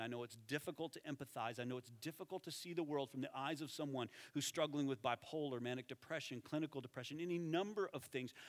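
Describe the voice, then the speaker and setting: A man preaching a sermon as pastor, conversational and animated, dropping to soft tones for emphasis. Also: medium pitch. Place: church sanctuary. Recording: reverberant hall.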